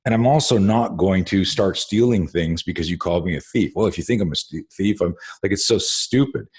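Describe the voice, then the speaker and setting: A man with a deep, husky voice hosts a loose conversation and talks in long, rambling stretches. He circles back on himself with lots of restarts and fillers, and he swears freely as he tells his stories. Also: fairly quick, darkish tone. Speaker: host. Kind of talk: casual conversation.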